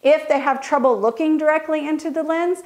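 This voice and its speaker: A woman photographer giving a casual tutorial, chatty and lively as she acts out how kids react. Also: high voice, fairly quick. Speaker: children's portrait photographer.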